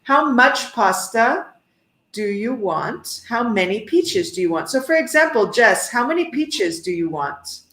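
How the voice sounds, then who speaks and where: A woman's voice: on the high side, big pitch swings, unhurried, fairly bright tone. A woman with an American accent teaching an online English lesson, playful and full of praise for her students. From United States. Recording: roomy echo.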